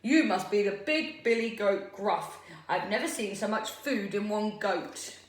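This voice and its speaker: A woman's voice: mid-range voice, animated, unhurried, lightly acted. Woman putting on a roaring mean troll. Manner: roaring, snarling. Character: big mean growling male troll. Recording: roomy echo.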